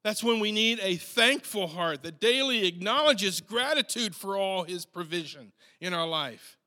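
A male preacher with a high, bright voice delivers a sermon at a slow, deliberate pace. He speaks earnestly and often circles back to repeat a word before going on. His voice rings out with the long reverb of a large church hall. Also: lively intonation. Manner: earnest, slow, with frequent restarts and repeated words.

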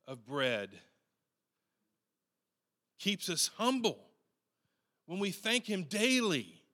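A man preaching a sermon in an earnest, unhurried way, often restarting and repeating words as he goes. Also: high-pitched, sharp tone, in a large hall.

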